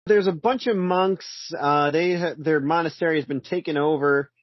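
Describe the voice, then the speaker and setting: A man's voice: on the high side, moderate pace, no room sound, muffled recording. Laughing playful man co-hosting a podcast. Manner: laughing, playful, acts out quotes. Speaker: podcast co-host. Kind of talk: casual comic book chat.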